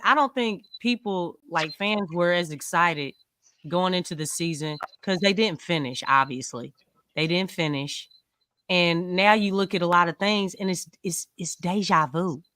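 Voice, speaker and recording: A woman's voice: on the low side, a bit bright, no room sound, studio quality. A woman co-hosting a casual basketball postgame chat, talking emphatically and arguing her point. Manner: emphatic, argumentative. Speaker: co-host.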